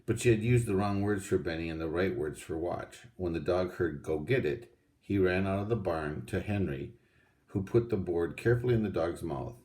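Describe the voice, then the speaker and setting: Man, audiobook reader, storybook read-aloud, steady and unhurried, dark mellow tone. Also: low-pitched.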